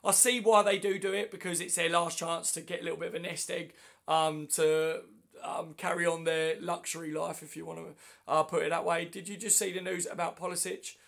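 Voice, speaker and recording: Male stream host, high-pitched and gravelly, hoarse with flu, chatty and matey with viewers. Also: level tone, fairly quick, a bit bright. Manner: chatty, matey, answers comments one by one. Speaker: livestream host. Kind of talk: casual livestream chat reading viewer comments. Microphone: phone.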